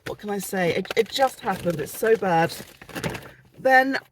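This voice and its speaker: A British woman chatting casually through a shopping haul, self-mocking and quick with giggly asides, recorded in a parked car. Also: medium pitch, animated, slight background noise. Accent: British English. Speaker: vlogger.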